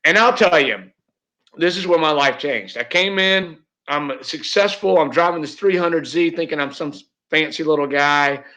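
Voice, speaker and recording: A man's voice: fairly high pitch, normal speed, pushed and bright. A middle-aged man telling a heartfelt personal story as an interview guest, earnest, with many restarts. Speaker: real estate agent, interview guest.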